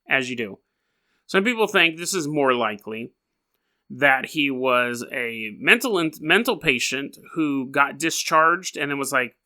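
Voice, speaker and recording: Bright, rambling male podcast host. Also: a little high. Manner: rambling, jokey asides. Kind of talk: casual storytelling podcast.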